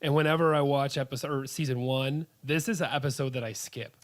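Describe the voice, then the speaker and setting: A man's voice: medium pitch, steady tone, fairly quick. Blunt man guesting on a podcast. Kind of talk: casual chat.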